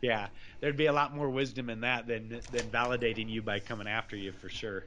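A man talking as a guest, telling a story in a heated, animated way with casual slang. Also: mid-range voice, a little fast, slight background noise. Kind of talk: casual conversation.

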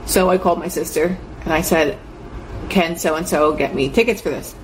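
A woman's voice: deep voice, normal speed. Chatty earnest woman, faint hiss. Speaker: host. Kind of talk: casual motivational talk.

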